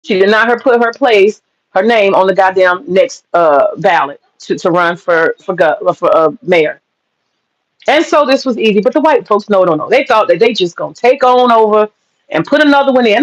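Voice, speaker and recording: High-voiced man telling an emphatic story. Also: moderate pace, lo-fi sound. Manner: emphatic, profane, repeats lines for punch. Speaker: storyteller recounting political campaign work. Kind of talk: casual storytelling monologue.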